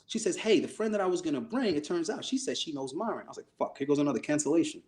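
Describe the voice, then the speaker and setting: A man's voice: a little high, animated, very fast, darkish tone. A man co-hosting a podcast, telling a story in casual chat, acting out the voices he quotes and swearing freely. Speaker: podcast co-host.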